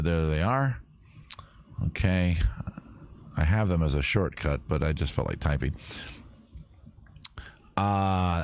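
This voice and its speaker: This Maryland man's voice sits low and smooth as he hosts a casual livestream. Rambling and cracking jokes, he reads comments from viewers out loud and addresses both chat and his guests.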